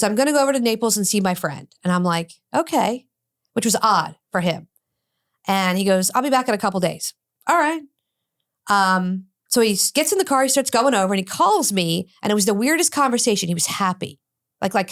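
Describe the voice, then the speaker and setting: A middle-aged woman with a medium-pitched voice talks fast as a guest on a podcast interview, where she appears as an addiction expert. She tells a personal story in an animated way, acting out the dialogue she quotes.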